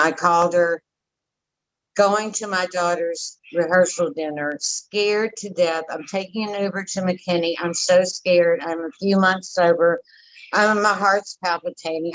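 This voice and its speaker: A woman's voice: lowish voice, steady tone, moderate pace, rough recording. A woman, candidly telling her recovery story as an interview guest, blunt and emotional with frequent tangents.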